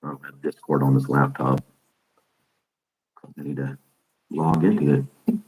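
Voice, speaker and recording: A man's voice: extremely low pitch, flat delivery, measured pace, a little mellow, low-quality recording. A man hosting his podcast in casual live-stream chat, rambling and chuckling often into a desk microphone. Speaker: podcast host.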